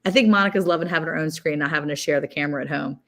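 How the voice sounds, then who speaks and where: A woman's voice: deep voice, racing, a bit bright. Southern woman telling stories on a call. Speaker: co-host. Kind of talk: casual chat. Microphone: video call.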